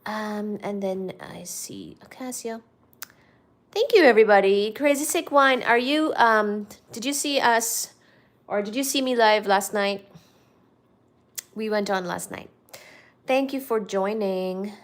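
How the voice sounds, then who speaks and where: A woman's voice: mid-range voice, unhurried. A woman from India with an Indian accent, hosting a casual livestream and chatting with viewers as she answers their comments. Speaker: livestream host.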